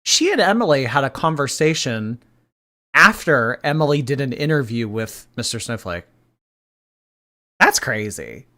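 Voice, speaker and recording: A man hosts a reaction show at an ordinary mid pitch. He replays a stream and mocks it in dry asides, laughing between remarks and reading out viewer messages. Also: sing-song, measured pace, long pauses, sharp tone. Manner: mocking and dry, laughing at the clip. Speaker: reaction channel host.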